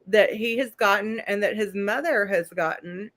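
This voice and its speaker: A woman's voice: medium pitch, moderate pace, a bit bright. A woman hosting a casual live recap, chatting and reading out letters as she goes. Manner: chatty, reads letters aloud. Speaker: host.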